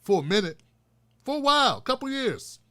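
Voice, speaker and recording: A man's voice: extremely high pitch, sing-song, a little fast, sharp tone. An older man hosting a profane, fiery political rant with a preacher-like cadence. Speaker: political commentator host. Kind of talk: ranting political commentary.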